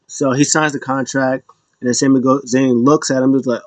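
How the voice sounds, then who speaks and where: A man's voice: mid-range voice, little pitch movement, normal speed, dry recording. A man casually recapping wrestling events in a rambling way, acting out what people said in raised voices. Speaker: podcast host.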